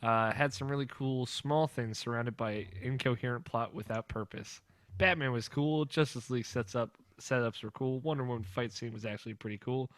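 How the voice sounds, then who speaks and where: A man's voice: medium pitch, fairly even intonation, moderate pace, a bit bright, dry recording. A young man hosting a podcast in casual, rambling chat, laughing often. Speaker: podcast host.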